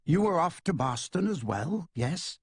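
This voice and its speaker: A man's voice: on the high side, very animated, unhurried, slightly rough, no echo, pitched above the performer's own voice, exaggerated voice. A man voicing a cheerful woman traveler with a lilting accent, in a raised voice. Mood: bright. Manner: warm, lilting.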